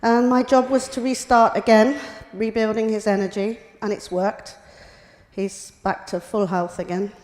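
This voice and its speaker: Brief: middle-aged woman reading a personal talk, mid-pitched, plain and steady, in a big echoing room. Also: unhurried. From United Kingdom. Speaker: carer giving a talk. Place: hospital lecture room. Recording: reverberant hall.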